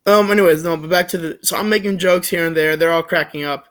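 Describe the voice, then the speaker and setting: A young man with a high voice tells a story in a loose, rambling way. He keeps restarting his sentences and filling pauses. His retelling is joking and animated. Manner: rambling, full of fillers and restarts. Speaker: vlogger. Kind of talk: casual storytelling.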